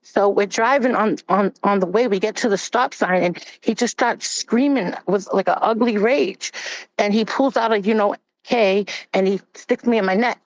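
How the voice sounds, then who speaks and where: A woman's voice: medium pitch, moderate pace. A woman giving a candid, blunt personal testimony as a panel guest. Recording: dull, dry recording.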